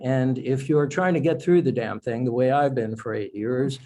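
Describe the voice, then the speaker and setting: A man's voice: mid-range voice, normal speed, warm tone, rough recording. A man, an author, speaking as a guest in a podcast interview, explaining in a thoughtful, self-correcting way.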